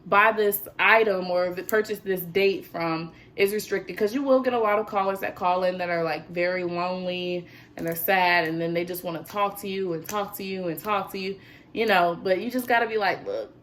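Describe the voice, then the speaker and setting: A teenage woman vlogging in an animated, chatty storytelling manner. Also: on the low side, normal speed, a little hiss or hum. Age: teens. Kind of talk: casual chat.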